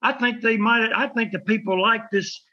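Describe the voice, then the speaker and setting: A man's voice: high voice, steady tone, moderate pace, sharp tone, lo-fi sound. A man telling rambling stories in casual chat, acting out voices and sound effects. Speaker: wrestling podcast host telling stories.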